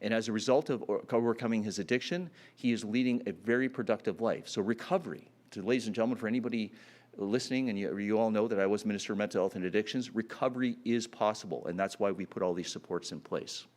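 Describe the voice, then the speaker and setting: A man's voice: fairly low pitch, fast, darkish tone. A man giving a campaign speech at a public announcement, earnest and full of fillers and restarts. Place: announcement event.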